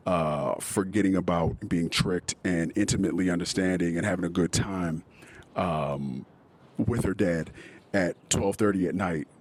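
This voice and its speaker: A man's voice: sits low, a little hiss or hum. A man hosting a podcast, talking emotionally and profanely in a personal monologue about his daughters. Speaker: podcast host.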